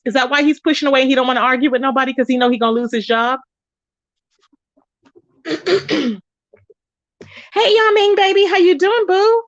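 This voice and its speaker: A high-voiced woman hosts a casual gossip livestream, greeting viewers by name in a chatty, animated way, her pitch jumping up when she gets excited. The audio is dull and lo-fi, recorded in a dry, close space with no room sound.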